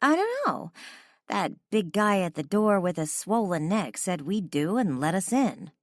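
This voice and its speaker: A woman's voice: medium pitch, sing-song, a little slow, no room sound, clean studio sound, voice pushed up. A woman voicing a tipsy, feisty young heroine who talks back in a sassy, whiny way. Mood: tipsy, indignant.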